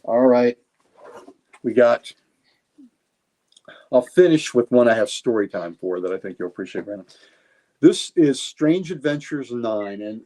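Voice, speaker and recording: A man's voice: medium pitch, darkish tone. Enthusiastic rambling male comic collector. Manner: enthusiastic, rambling, repeats words. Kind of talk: casual livestream chat showing comics.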